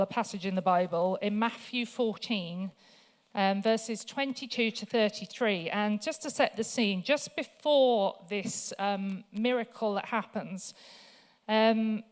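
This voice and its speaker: A woman speaking at a church, telling funny personal stories in a chatty way with many fillers before she turns to scripture. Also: medium pitch. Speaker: guest speaker.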